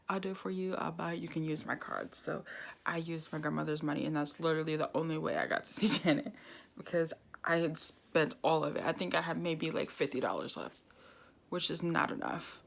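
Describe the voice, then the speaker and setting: A young woman vlogger telling a lively personal story, laughing often and acting out what people said. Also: sits low, gravelly. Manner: animated storytelling, laughs often, acts out quoted dialogue. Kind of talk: casual storytime vlog.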